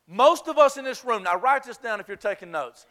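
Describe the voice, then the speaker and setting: Brief: male pastor, high bright voice, emphatic yet conversational, confessional sermon. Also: expressive, brisk.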